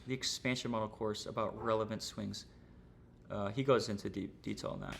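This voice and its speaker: Gravelly young man, casual stream talk. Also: lowish voice, fairly even intonation, normal speed, a little hiss or hum. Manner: casual, slangy, rambling with fillers. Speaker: trading streamer. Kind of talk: casual livestream lesson.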